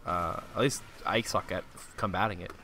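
A man co-hosting a gaming podcast, chatting casually and excitably while playing online, swearing and laughing loudly. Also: low-pitched, normal speed, a little hiss or hum.

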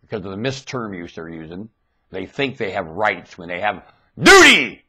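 A man ranting erratically into a webcam at home, swinging from shouting to low muttering. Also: huge pitch swings, normal speed, slightly rough. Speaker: vlogger. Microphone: webcam mic.

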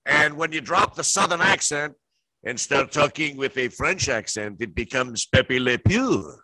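A man's voice: mid-range voice, expressive, unhurried, pushed and bright, no echo, rough recording. A man speaking as a voice actor guest at a convention panel, joking and laughing often in casual chat.

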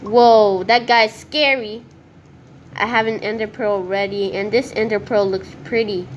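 A woman commenting on her own gameplay as she plays, talking to herself in an excitable, nervous way. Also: mid-range voice, measured pace, dull audio, a little hiss or hum. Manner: excitable, nervous self-talk. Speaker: gaming video creator.

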